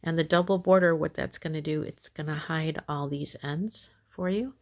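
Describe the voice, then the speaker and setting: A woman's voice: low-pitched, steady tone, normal speed, a little mellow. A woman teaching a crochet pattern step by step, giving patient, repetitive instructions with frequent fillers. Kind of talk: step-by-step craft tutorial.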